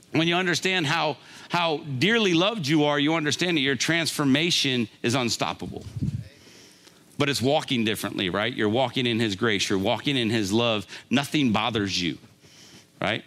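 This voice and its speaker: A man's voice: fairly high pitch, a bit bright. An older man preaching a conversational sermon, often laughing and checking in with a "right?". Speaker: pastor.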